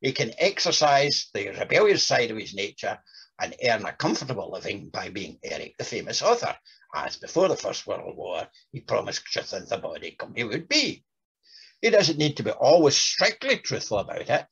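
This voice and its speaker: A man giving a talk on a writer, reading passages aloud with lively voices. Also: medium pitch, vocal fry, breathy edge, dull audio. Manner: reads quotes with lively voices. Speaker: lecturer.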